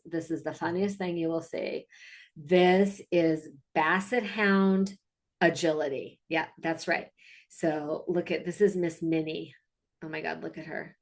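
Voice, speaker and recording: A woman dog trainer narrating her video clips in a casual, chatty, upbeat way, with fillers and asides. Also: lowish voice.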